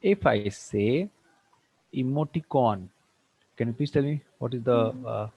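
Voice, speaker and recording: A man teaching an online tutorial, firing quick questions at students and slipping into Hindi. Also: medium pitch, animated, creaky, dark tone, husky. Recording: dull lo-fi dry sound.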